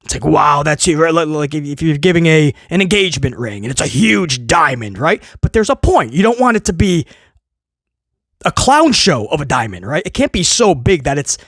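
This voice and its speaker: A man's voice: on the high side, very animated, normal speed, fairly bright tone, dry recording, studio quality. A man hosting a casual video review, ranting in a sarcastic, exasperated way and rambling with many restarts. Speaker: wrestling show reviewer, host.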